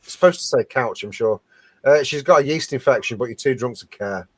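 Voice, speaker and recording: A man's voice: mid-range voice, a little fast, crowd noise. A man co-hosting a casual live stream, reading viewer comments aloud and laughing often. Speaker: co-host reading out viewer captions.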